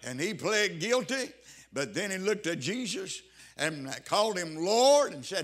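A man preaches a sermon with a rhythmic, rolling cadence, stretching his emphatic phrases and breaking into interjections. His voice is bright and forceful, sitting a little higher than most men's. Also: sing-song, measured pace.

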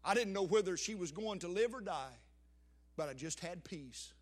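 A man's voice: high-pitched, expressive, moderate pace. An older man preaching a sermon, with emphatic swells and sudden drops.

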